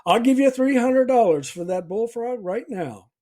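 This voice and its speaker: A man's voice: a little high, sing-song, unhurried, husky, full character voice. A man playing a pushy, eager buyer in a bar joke he tells. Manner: pushy, insistent. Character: eager man buying a bullfrog.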